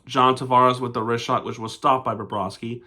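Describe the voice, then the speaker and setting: Ranting hockey fan, bright tense voice. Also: male voice, medium pitch, fairly even intonation, moderate pace. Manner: frustrated, swears and rants at referees; fan of the team, says "we" and "our". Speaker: sports fan recap vlogger. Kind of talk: casual game recap commentary.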